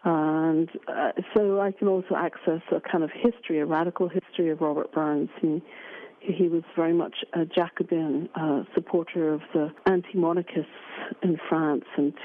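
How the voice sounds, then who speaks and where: A woman from Scotland, a performer speaking as a guest in a radio interview. She talks thoughtfully and pauses often. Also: deep voice, fairly even intonation. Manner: thoughtful, with frequent pauses and fillers. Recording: narrow phone-like radio audio.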